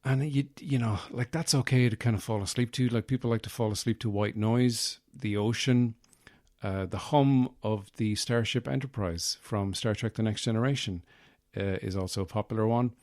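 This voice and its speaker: A man hosts a podcast, rambling through a comic monologue that wanders and pokes fun at himself, full of fillers and recorded close to the mic. His voice sits on the low side with a darkish tone, he talks at a moderate pace, and the recording is dry.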